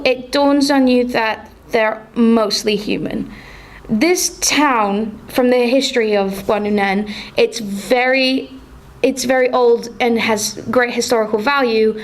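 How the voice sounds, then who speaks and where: Lively woman narrating as game master. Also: on the high side. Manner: lively storytelling with fillers.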